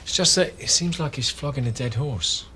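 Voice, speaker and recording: A man's voice: mid-range voice, moderate pace, bright, forceful tone, slight background noise, lightly acted. An actor playing a male police officer who voices doubts about a colleague.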